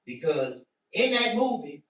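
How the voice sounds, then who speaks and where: A man doing a profane stand-up rant to his stream, animated and bursting into shouts. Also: a little high, measured pace. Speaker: comedian. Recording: very echoey room, mic at a distance.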